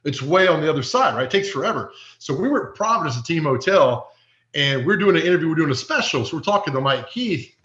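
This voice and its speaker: A man guesting on a podcast, telling funny stories in a jokey, animated way. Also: fairly high pitch, fast, echoey room, muffled recording. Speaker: podcast guest, media personality.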